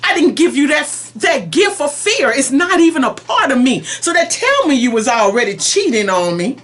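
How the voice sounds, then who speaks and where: A woman preacher speaks a prophetic message in God's voice, pleading and emphatic as she moves between soft and forceful delivery. Her voice sits high with a sing-song quality, at normal speed.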